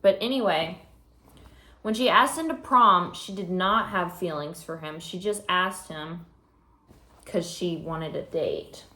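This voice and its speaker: Teen girl vlogger, relaxed unhurried storytelling, lots of "like", roomy echo. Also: on the low side. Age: teens. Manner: chatty storytelling with many fillers. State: slightly out of breath. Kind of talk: casual vlog chat.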